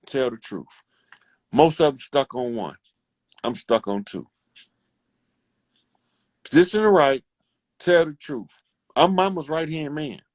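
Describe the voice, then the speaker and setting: A man speaking online to his community delivers a casual, preachy monologue, fervent and profane as he lectures his listeners. His voice is a little high, and the recording is dry.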